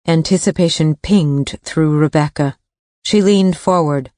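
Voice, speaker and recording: Low-voiced woman narrating a thriller. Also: steady tone, unhurried, darkish tone, no room sound, studio quality. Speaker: audiobook narrator. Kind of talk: scripted narration.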